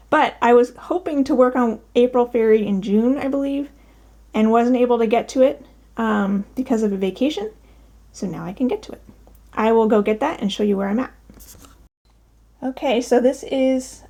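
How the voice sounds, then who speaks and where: A slightly high, darkish female voice belongs to a woman presenting her cross-stitch work in a casual vlog from her daughter's bedroom at home. She's out of breath, cheerful, and says um often.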